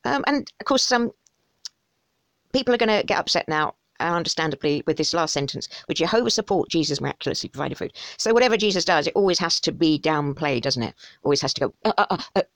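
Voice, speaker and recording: Sarcastic woman, lively gravelly voice. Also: low-pitched, fast talker, no echo. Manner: sarcastic, wry asides, rambling. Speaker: host commenting on a study article. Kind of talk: casual sarcastic commentary.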